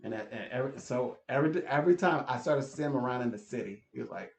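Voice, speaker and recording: A man's voice: mid-range voice, fast, vocal fry, darkish tone. Laughing man rambling in an echoey room. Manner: laughs often, repeats and restarts words. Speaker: channel host. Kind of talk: casual rambling monologue. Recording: echoey room, slightly dull sound.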